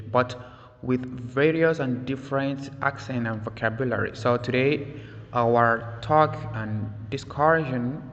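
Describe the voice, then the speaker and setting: Male English teacher, slow and deliberate, repeats words, echoey lo-fi recording. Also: medium pitch, fairly bright tone. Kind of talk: vocabulary lesson. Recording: echoey, dull lo-fi sound.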